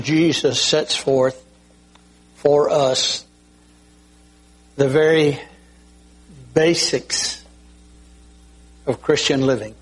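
An older male pastor delivers a sermon at an unhurried, measured pace. His voice sits a little higher than most men's, and he often stops to clear his throat. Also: steady tone, low-quality recording. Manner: slow, deliberate preaching with frequent throat clearing.

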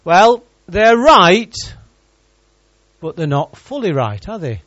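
A man's voice: high voice, sing-song, slow, fairly bright tone, dry recording, lo-fi sound. A man preaching a sermon in church, reading scripture and joking with the congregation.

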